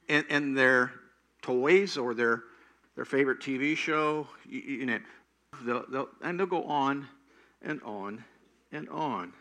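A man's voice: a little high, sharp tone. An older man preaching a sermon, telling stories and acting out quoted prayers with animation. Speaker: pastor.

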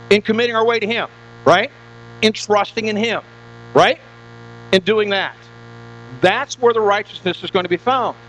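A man's voice: very high voice, a bit bright. Man preaching a chatty sermon. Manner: conversational, stammers and repeats words, asks the congregation questions. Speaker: pastor. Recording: dull lo-fi recording with mains hum.

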